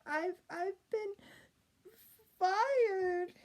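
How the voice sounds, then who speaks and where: Woman voicing a young princess, spirited, tearful, high-pitched, mellow tone. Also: expressive, moderate pace. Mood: sobbing. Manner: emotional, sobbing and flaring.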